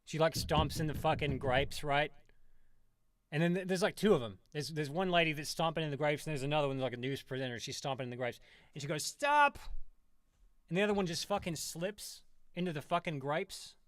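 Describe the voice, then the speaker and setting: Foul-mouthed rambling man, slightly high. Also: a little fast, dry recording, studio quality. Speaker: streamer. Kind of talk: profane ranting commentary.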